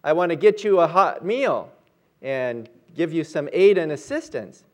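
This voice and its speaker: A man voicing a kind, persistent wealthy businesswoman in a sermon story, speaking gently and earnestly. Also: a little high, expressive, unhurried.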